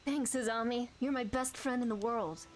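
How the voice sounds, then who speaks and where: A man's voice: extremely high pitch, moderate pace, a little hiss or hum. A woman voicing an earnest young man from a game who is hesitantly confiding in his best friend. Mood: sincere.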